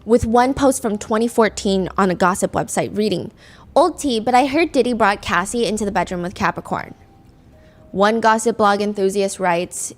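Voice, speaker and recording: A young adult woman hosting a podcast, telling a true-crime story in a casual, conversational way and reading out quotes with animation. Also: medium pitch. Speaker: podcast host.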